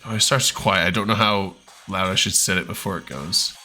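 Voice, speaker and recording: A man's voice: deep voice, a little fast, sharp tone, soft background music. A man hosting a stream, chatting casually and eagerly while reacting to a song. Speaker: streamer host.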